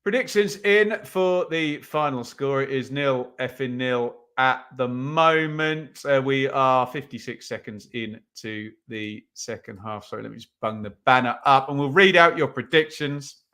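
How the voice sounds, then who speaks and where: A man's voice: mid-range voice, a little slow, hardly any pauses, pushed and bright, smooth. A young man hosting a live football watch-along stream, chatting with viewers, reading out their comments and often saying um. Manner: chatty, reads out chat comments, many ums.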